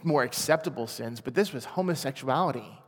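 Guy in his 40s telling his testimony, mid-pitched voice, earnest and quiet, long echo off a big hall. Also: animated, a little fast. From Washington state, US. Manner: earnest, quiet and emotional storytelling. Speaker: speaker sharing a personal testimony. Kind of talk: personal testimony.

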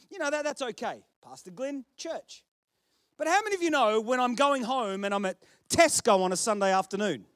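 Male pastor, Australian accent, very high voice, story-driven sermon with self-mocking jokes. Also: animated, moderate pace, fairly bright tone, no room sound, clean studio sound. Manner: chatty storytelling with self-deprecating humour.

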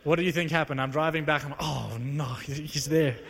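A young preacher from South Africa delivers a sermon and tells his story with animated energy, his voice climbing into excited exclamations. His voice sits a touch high for a man. The sound rings with a long reverb from a large hall. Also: moderate pace, vocal fry, husky. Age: young adult. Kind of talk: sermon with personal testimony.

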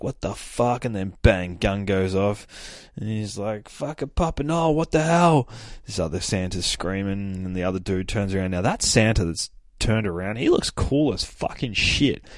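A young man hosting a podcast, casually recapping a comic book with excitable, profane storytelling. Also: sits low, no room sound, clean studio sound. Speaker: podcast host.

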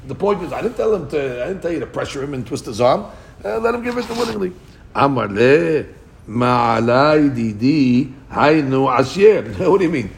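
A man leads a Talmud class, his voice gravelly and rough at the edges. He reads each Aramaic line and then explains it in English, swinging up in pitch as he acts out the people in the text. A faint hiss sits under the recording. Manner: animated, voice jumps up when acting out speakers. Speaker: Talmud teacher.

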